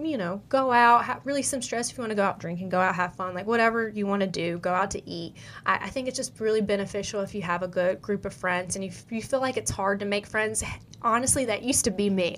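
A woman's voice: medium pitch, fast talker, fairly bright tone, slight background noise. A young woman with a Southern US country accent, hosting a podcast and giving casual, upbeat advice, full of "like" and "you know". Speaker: podcast host.

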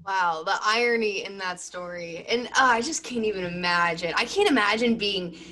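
A woman's voice: mid-range voice, normal speed, pushed and bright. A woman hosting a casual interview, reacting eagerly to her guest's story.

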